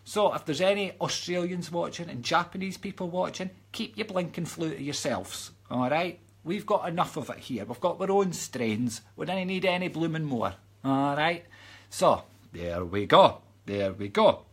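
A man's voice: fairly high pitch, lively intonation, moderate pace, fairly bright tone, husky. A Scottish man chatting casually on a live stream, reading out viewers' comments and going off on joking rants, now and then dropping to a mock whisper. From Scotland. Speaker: psychic medium reading live chat comments.

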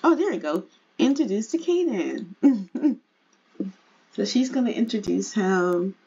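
Woman game streamer, slow chatty commentary, husky voice. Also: mid-range voice, big pitch swings, warm tone, highs cut off. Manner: chatty, laughs often, addresses viewers. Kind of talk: casual gameplay commentary.

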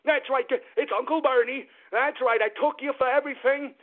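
A man putting on a boastful old politician who taunts and leers at his followers in a high, pinched voice. It comes through a tinny, phone-like radio line. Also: steady tone, fairly quick. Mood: gloating. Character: gloating old male politician, leering and taunting.

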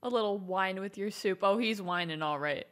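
A woman's voice: medium pitch, normal speed, noisy background. A woman hosting a movie reaction, talking casually and laughing often. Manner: giggly, with frequent laughter. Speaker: host.

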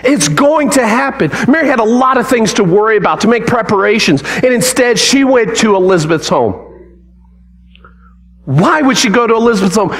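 A man's voice: very high voice, a bit bright. A man preaching a sermon, telling the story dramatically and leading the congregation in call-and-response.

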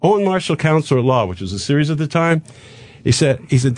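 An older man telling a long show-business story on a radio talk show, acting out the dialogue of the people in it with quick asides. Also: a little high. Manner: animated anecdote with acted-out dialogue and quick asides. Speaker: guest comedian telling a story.

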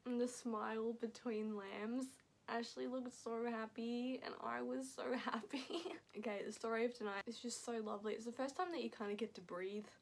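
A young Australian woman rambling excitedly in a casual reaction vlog, laughing often between thoughts. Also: on the high side, normal speed, creaky, a little hiss or hum. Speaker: vlogger.

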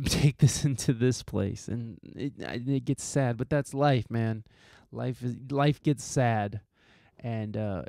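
A man's voice: mid-range voice, a little mellow, dry recording, studio quality. A man hosting a podcast, giving a heartfelt, profane, rambling monologue full of restarts. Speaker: podcast host.

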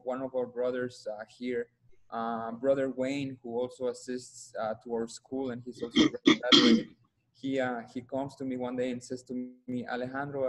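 A man's voice: medium pitch, darkish tone, poor audio. A young man from Mexico, earnestly giving a personal testimony at a church and repeating words when moved. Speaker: testimony speaker.

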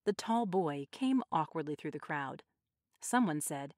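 Woman narrator, expressive and measured, low and lively, dry studio sound. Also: no echo. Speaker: audiobook narrator. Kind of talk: scripted story narration.

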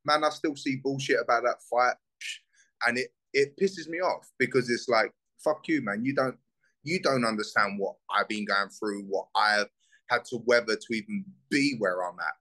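A man's voice: medium pitch, moderate pace, pushed and bright, poor audio. A young man from South East London with a South London accent, a bare-knuckle fighter talking bluntly and swearing freely in a casual interview.

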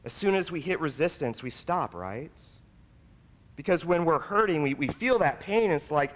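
Earnest male pastor, lively slightly high voice, recorded in a reverberant church. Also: moderate pace, slight background noise. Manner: earnest, personal and confessional. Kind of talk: sermon. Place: church sanctuary.

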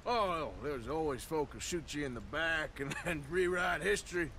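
A man's voice: fairly high pitch, moderate pace, bright, forceful tone. An actor playing a rugged, sardonic male outlaw in a video game, speaking in a dry, blunt way. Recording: game audio with clear background noise.

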